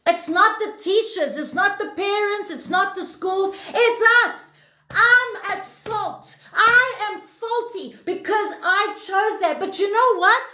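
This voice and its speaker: A woman's voice: very high voice, slow pace, bright, forceful tone, roomy sound. A woman hosting a self-help livestream, reading out viewers' comments and preaching bluntly, with plenty of swearing.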